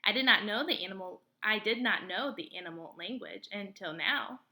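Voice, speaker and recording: A woman reading a storybook aloud, voicing a calm, literal female robot who speaks slowly and evenly. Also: medium pitch. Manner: slow, even, measured.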